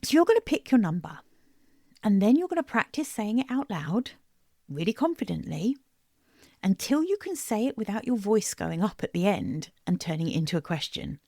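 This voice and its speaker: Gravelly woman coaching podcast host. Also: medium pitch, sing-song, normal speed, dark tone, no echo, studio quality. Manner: direct, emphatic, coaching tone with repeated phrases. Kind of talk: solo podcast monologue.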